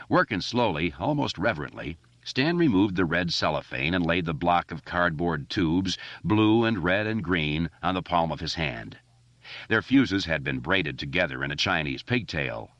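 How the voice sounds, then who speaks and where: Audiobook narrator, male, very low, animated reading, dry dull recording. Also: moderate pace, no echo. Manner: expressive, steady reading. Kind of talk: scripted narration.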